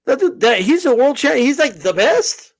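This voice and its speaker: Podcast co-host, male, high voice, heated rant with restarts. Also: very animated, moderate pace. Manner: fired up, profane, many restarts. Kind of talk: heated casual boxing talk.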